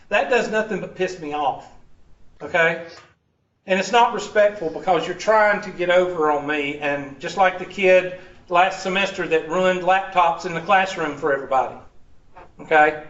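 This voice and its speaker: A man's voice: high-pitched, fairly bright tone. Man teaching a college math class. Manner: joking, folksy, addresses students by name. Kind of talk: first-day class talk to students. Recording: distant, echoey, muffled classroom recording.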